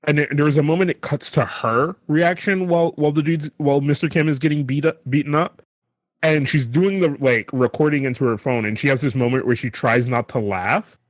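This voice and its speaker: A man's voice: a little high, brisk, no echo. A man co-hosting a casual podcast chat, rambling and checking in with "right?" a lot. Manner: rambling, lots of fillers and "right?". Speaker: podcast co-host.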